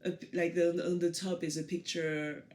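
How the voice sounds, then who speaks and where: A woman's voice: fairly low pitch, level tone, moderate pace, a little mellow, a little hiss or hum. French woman guest, loose hesitant chat, faint ambience. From France, Paris suburbs. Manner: hesitant, many fillers and restarts, laughs easily. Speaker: guest photographer. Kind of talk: casual interview talk.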